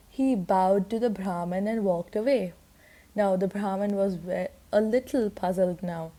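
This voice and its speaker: A woman reading a children's story aloud and patiently explaining it, pausing to clarify words, with a few fillers. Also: medium pitch, mellow. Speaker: storyteller and teacher.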